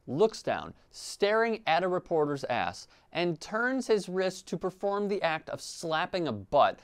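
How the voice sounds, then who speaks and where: A male sports show host with a fairly high voice that swings up and down a lot. He talks through the news with a sarcastic, mocking edge. His delivery is animated and opinionated. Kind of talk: commentary.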